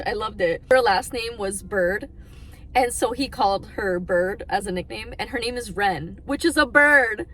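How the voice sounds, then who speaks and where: A woman's voice: fairly high pitch, lively intonation, normal speed, a bit bright, soft background music. A young adult woman chatting casually about books on her vlog, gushing and emotional, with plenty of fillers. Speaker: book vlogger. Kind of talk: casual chat.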